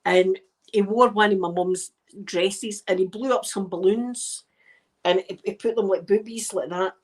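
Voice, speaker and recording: A Scottish woman in her fifties, an ASMR creator, talks softly while knitting and rambles through chatty stories. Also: medium pitch, fairly even intonation, unhurried, rough recording. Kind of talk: soft-spoken ASMR chat while knitting.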